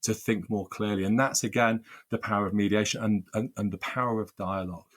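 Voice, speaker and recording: A man's voice: lowish voice, fairly even intonation, fairly quick. A man working as a workplace mediator, answering interview questions earnestly, often repeating words as he restarts and building lists of phrases.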